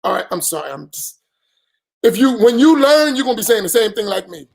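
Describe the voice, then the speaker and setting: A man's voice: high-pitched, big pitch swings, a little fast, vocal fry. Emphatic preaching man, colloquial delivery. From United States. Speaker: imam. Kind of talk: post-dawn-prayer talk.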